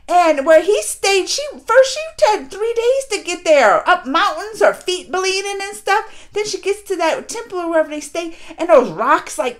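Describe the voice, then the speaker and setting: A woman, excitedly recapping a TV episode and acting out the characters' lines. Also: extremely high pitch. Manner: chatty, animated retelling with exaggerated quoted voices. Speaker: reaction video host.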